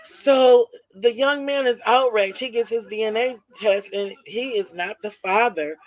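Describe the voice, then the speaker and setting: A woman's voice: a little high, measured pace, rough recording. A woman telling a rambling family drama story in a casual spoken way, often restarting and correcting herself. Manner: rambling, repeats and self-corrects.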